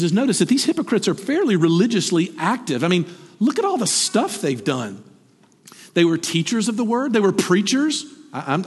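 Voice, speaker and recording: A husky man preaching with lively swings in pitch, climbing high for emphasis and sinking low for quiet asides. His voice sits fairly high for a man. A long hall reverb trails behind every phrase. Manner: animated, rising to emphatic peaks then dropping low. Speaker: pastor. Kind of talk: sermon.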